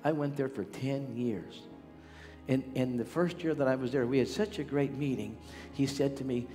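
Older preacher exhorting a crowd. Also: male voice, medium pitch, normal speed, warm tone. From Pittsburgh area, USA. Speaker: healing evangelist. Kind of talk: revival sermon. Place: large church sanctuary. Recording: reverberant hall with music.

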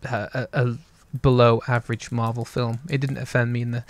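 A man's voice: medium pitch, flat delivery, fairly quick, no echo. A man co-hosting a casual talk show, rambling in an easygoing way. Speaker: podcast co-host. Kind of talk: casual chat.

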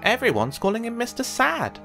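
A man voicing a mean old miser turned generous in a storybook, with high, loud, hurried exclamations. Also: animated, faint music behind, close to an everyday voice. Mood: excited.

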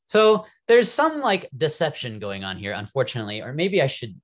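Animated man teaching a Bible class. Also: medium pitch, moderate pace. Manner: animated, wry, thinking aloud. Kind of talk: classroom lecture.

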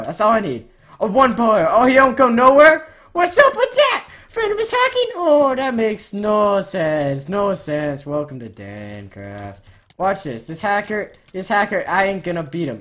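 A woman gamer narrating her own play in a loose, profanity-heavy running commentary. She rants and bursts into loud, excited shouts, then drops back to muttering, at a middle pitch for a woman. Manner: excitable ranting, swears a lot, loud outbursts.

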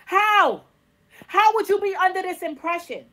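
A woman's voice: extremely high pitch, expressive, unhurried, sharp tone. A woman in her thirties, a mother venting in an exasperated, repetitive, pleading way in a vlog rant.

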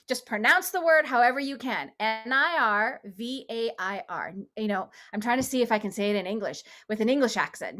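A woman leading a meditation session, talking gently and casually with frequent small laughs. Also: fairly high pitch. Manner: gentle, chatty, laughs often. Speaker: meditation leader. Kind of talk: guided meditation instruction.

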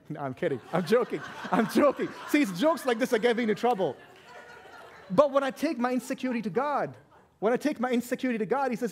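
A man preaching with a noticeable non-native accent and a fairly high voice. He is loud and driven, swinging between forceful shouts and hushed, intimate asides. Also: animated, fast, husky. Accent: non-native English accent. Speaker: pastor. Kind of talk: sermon.

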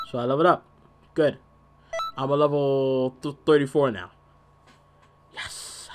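A man commentating his own video game, hyped and loud, yelling and cursing at the characters on screen. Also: on the high side. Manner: hyped, profane trash talk; yells at the screen. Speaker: gamer. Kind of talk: let's play commentary.

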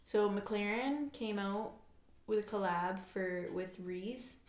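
A woman co-hosting a casual podcast, talking in a quick, chatty way with lots of "like" and frequent laughs. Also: medium pitch, roomy sound. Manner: chatty, says "like" a lot, laughs often. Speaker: podcast co-host. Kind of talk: casual chat. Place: quiet room at home.

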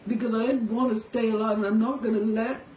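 A woman's voice: a little high, little pitch movement, fast talker. An Irish woman in a motel room, giving a raw, profane, pleading confessional monologue to a phone. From Ireland. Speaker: singer making a personal video. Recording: echoey, distant, tinny phone-like audio with faint noise.

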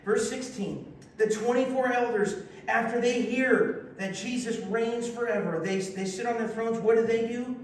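A man with a high, bright-pitched voice preaches in a very echoey church sanctuary, heard from a distance. He reads scripture aloud and keeps breaking off to lead the congregation in call-and-response. His delivery is lively and exclamatory, with teasing asides to the room. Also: moderate pace. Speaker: pastor. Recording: very echoey hall, voice from afar, faint hiss.

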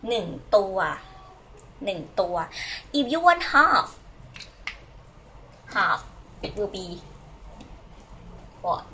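A woman whose first language is Thai, teaching a language lesson and slowly repeating words for learners to copy. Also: medium pitch, very animated, sharp tone, a little hiss or hum, low-quality recording.

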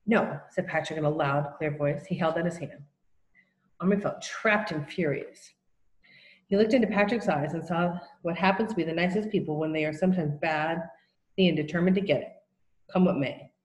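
A woman reads a children's novel aloud in a steady, plain storytelling manner. Her voice sits on the lower side for a woman. The reading has a roomy echo around it. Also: moderate pace. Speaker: narrator.

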